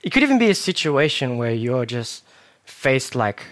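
A young man preaching a casual sermon, telling self-mocking stories with animated asides. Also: medium pitch, moderate pace.

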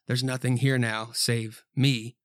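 A man's voice: medium pitch, flat delivery, slow pace, no echo, studio quality, natural voice. A man reading as a solemn stranger in black. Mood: ominous.

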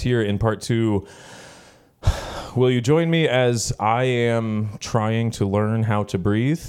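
A man in his thirties, a pastor preaching a sermon in a relaxed, storytelling way with many fillers. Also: fairly low pitch, smooth. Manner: conversational storytelling with frequent fillers. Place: church gathering.

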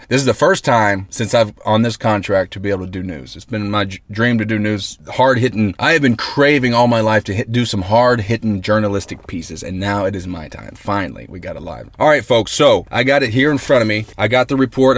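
A man hosting a comedic mock radio broadcast, excitable, rambling and mock-earnest, talking from inside a parked car. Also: on the low side, dry recording. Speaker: host. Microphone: close mic in a parked vehicle.

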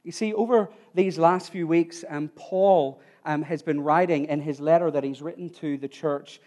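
Male preacher, high voice, informal sermon storyteller who repeats himself as he talks. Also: fairly even intonation, normal speed, darkish tone. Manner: informal, restarts words, addresses listeners directly.

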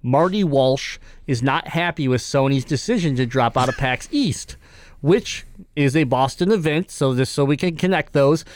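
A male podcast host with a slightly high voice, chatting loosely and laughing often between jokes. He reads out quotes in a casual, offhand way. The sound is dry and close. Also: smooth, no echo.

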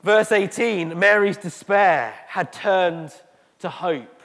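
Guy preaching in a church hall, kinda high voice, slow dramatic pauses, echo all around. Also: creaky, fairly bright tone. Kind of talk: sermon. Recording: echoey hall.

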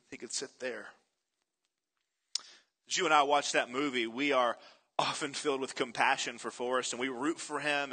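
A man preaching a sermon, telling stories with energy and asking the congregation questions. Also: mid-range voice. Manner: animated storytelling, asks the congregation questions. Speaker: pastor.

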